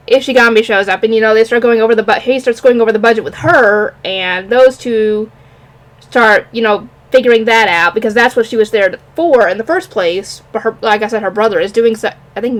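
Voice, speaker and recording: A woman with a slightly high voice at normal speed gives a casual solo review of an anime episode, rambling and often pausing to search for names.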